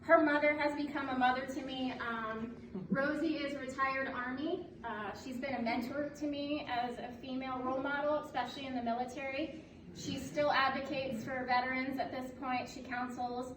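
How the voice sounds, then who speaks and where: High-voiced woman giving a candid ceremony speech. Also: steady tone, normal speed. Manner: candid, joking, laughs often. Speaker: military officer being promoted. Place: indoor room at a ceremony. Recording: echoey room, distant mic, noisy background.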